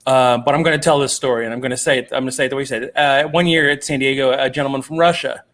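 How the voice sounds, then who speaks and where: A man's voice: medium pitch, fairly even intonation, racing, a bit bright. A man telling convention stories in a casual chat, self-deprecating, with many fillers and acted-out quotes. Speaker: guest comic artist.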